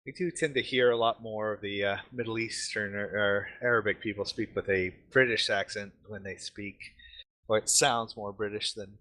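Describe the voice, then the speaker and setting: A man running a tabletop game as game master, explaining the scene in a relaxed, rambling way. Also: on the low side, moderate pace. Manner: relaxed, explanatory, many fillers. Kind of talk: casual tabletop narration.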